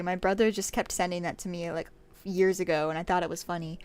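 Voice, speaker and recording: A woman streamer chatting casually to her viewers on a work-along stream, bubbly and quick to giggle. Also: lowish voice, clean tone.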